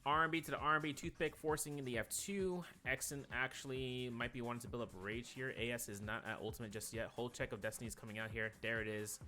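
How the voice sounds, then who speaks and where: A man commentating an esports match play by play, rattling off quick calls and drifting into rambling asides full of fillers. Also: medium pitch, steady tone, sharp tone, soft background music.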